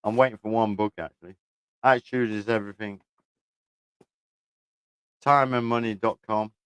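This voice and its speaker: A man's voice: lowish voice, fairly even intonation, normal speed, a bit bright, clear, resonant tone, no room sound. A middle-aged man chatting casually at home, rambling, chuckling and swearing freely as he talks to camera. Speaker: vlogger. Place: room at home, indoors.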